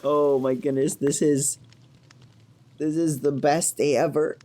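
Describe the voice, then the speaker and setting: A young man voices his character in a game-server roleplay, full of gasps and joyful exclamations. He talks in slow, drawn-out phrases. He is close on the mic. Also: a little high, flat delivery, mellow. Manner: gasping, overjoyed, exclamatory. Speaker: streamer playing a roleplay character.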